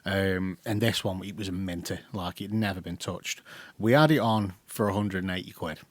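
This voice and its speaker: Podcast co-host, lowish male voice, loose and chatty, dry recording. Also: moderate pace, no room sound. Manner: rambling, lots of fillers and restarts. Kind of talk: casual chat.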